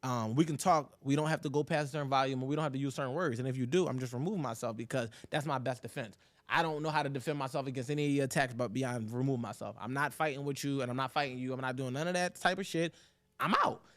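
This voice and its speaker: A young man co-hosting a podcast in casual chat, animated and talking in bursts. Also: mid-range voice, fast talker, few pauses, no room sound. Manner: animated, talks in bursts with loud quoted outbursts. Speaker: podcast co-host.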